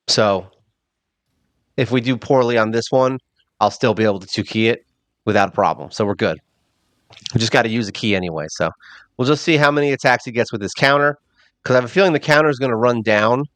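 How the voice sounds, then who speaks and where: A man hosting a mobile game channel, giving casual, rambling gameplay commentary and thinking out loud with a self-mocking streak. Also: medium pitch, dry recording.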